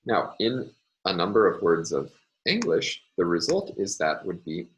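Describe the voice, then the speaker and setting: A man's voice: low-pitched, big pitch swings, a little slow, lo-fi sound, a little hiss or hum. A man giving a recorded university linguistics lecture, explaining carefully with many ums and uhs.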